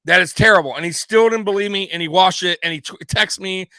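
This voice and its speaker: A man with a high, sharp and bright voice, talking in a loose casual podcast chat. He rants with energy, swearing and laughing as he goes. The sound is dry and close. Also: quick pace, dry recording. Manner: animated, profane ranting with frequent laughter. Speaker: co-host of a sports podcast.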